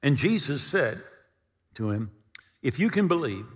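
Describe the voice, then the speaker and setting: A man's voice: medium pitch, sing-song, a little slow. A man preaching a sermon, retelling scripture and stories with acted-out quotes. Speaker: pastor. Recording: long hall reverb.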